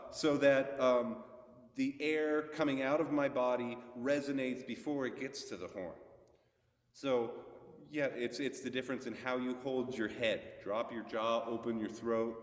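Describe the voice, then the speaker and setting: A man giving a relaxed trombone masterclass, explaining technique with sung examples over a video call. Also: medium pitch, unhurried. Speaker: trombone teacher. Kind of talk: masterclass instruction. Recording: echoey hall, far from mic.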